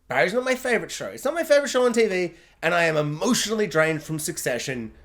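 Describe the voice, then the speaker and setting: Reviewing a TV show casually, a man with a slightly high, creaky voice rambles on. "Like" crops up constantly as filler.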